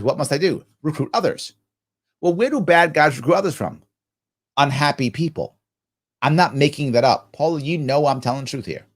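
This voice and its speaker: A middle-aged man hosts a live Q&A, his pitch swinging widely as he talks. His voice sits a little higher than most men's. He preaches at viewers and acts out small imagined conversations to make a point. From New York. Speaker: livestream Q&A host. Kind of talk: live ask-me-anything talk.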